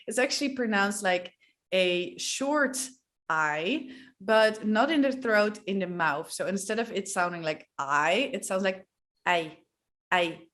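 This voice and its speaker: A woman with a Dutch accent, a native Dutch speaker, teaching pronunciation in a playful, demonstrative way and repeating example words slowly. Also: medium pitch, a bit bright. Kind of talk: pronunciation lesson to camera.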